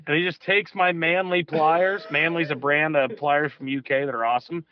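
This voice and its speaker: A man's voice: on the high side, steady tone, moderate pace, slight background noise. Rambling storyteller man on lo-fi call. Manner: rambling, loose storyteller with restarts and casual swearing. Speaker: fishing guide calling in as guest. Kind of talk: casual storytelling. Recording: dull lo-fi call audio.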